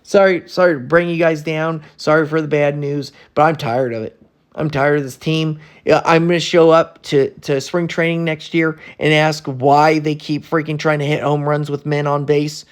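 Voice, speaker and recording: A man's voice: a little high, level tone, moderate pace, clean tone. An angry man ranting in a casual sports vlog, blunt and slangy, stuttering and restarting his sentences as he talks. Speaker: sports vlogger. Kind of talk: casual sports commentary rant.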